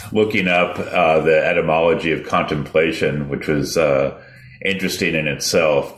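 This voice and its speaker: A man with an extremely deep voice hosts a reflective interview and speaks in a measured, scholarly way. He pauses often between thoughts. His voice carries a noticeable room echo. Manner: measured, scholarly, hesitant fillers. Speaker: radio show co-host.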